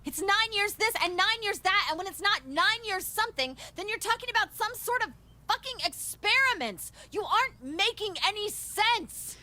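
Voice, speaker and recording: A man's voice: very high voice, expressive, normal speed, exaggerated voice. A man doing a brash, foul-mouthed woman. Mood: irritated. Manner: loud, swearing, exasperated. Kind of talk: let's play character voice.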